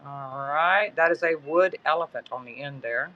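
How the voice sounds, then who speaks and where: A middle-aged man's voice, a little high, bright and forceful at a moderate pace, carries a casual live-selling auction stream from his home in the woods. He rambles and self-corrects as he chats, and the dull, lo-fi phone audio has faint background noise.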